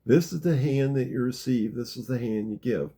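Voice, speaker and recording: A man leading a gentle guided meditation talk, calm and unhurried, dropping very soft in the guided parts. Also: mid-range voice, breathy edge. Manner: slow, gentle, drops to a near whisper in the guided parts. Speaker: spiritual teacher guiding a practice.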